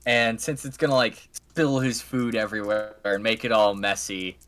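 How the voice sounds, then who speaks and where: Man, tabletop player, bright forceful tone, lowish pitch, stammering restarts, home mic. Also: fairly even intonation, normal speed. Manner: stammering restarts, upbeat and jokey. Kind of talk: casual tabletop game play over a call.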